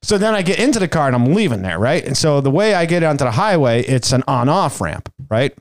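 A man hosting a podcast, telling a rambling, profane story in casual chat with animated quoted asides. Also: on the high side, fairly quick, dry recording, studio quality. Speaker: podcast host.

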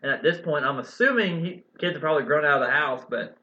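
A man's voice: on the high side, expressive, fast talker, bright, forceful tone. A man co-hosting a podcast in casual chat, speaking thoughtfully and hedging his words. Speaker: podcast co-host. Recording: echoey, dull lo-fi room audio.

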